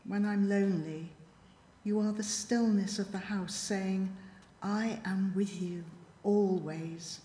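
A woman reads a reflective poem slowly in a mellow, soft voice. She is measured and quiet and leaves long pauses. Her voice rings through a church with a long, echoey reverb. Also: medium pitch, fairly even intonation. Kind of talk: slow reflective poetry reading.

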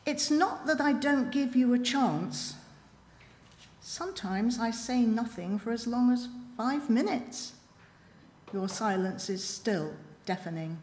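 Slow, soft-spoken woman in echoey hall. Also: a little high. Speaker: reader of a poem in church. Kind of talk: slow reflective poetry reading. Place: church.

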